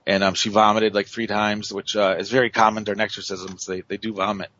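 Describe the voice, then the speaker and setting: A man's voice: lowish voice, level tone, fairly quick, a bit bright, highs cut off. A man telling a story on a radio show, rambling with many fillers and restarts. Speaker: paranormal investigator guest.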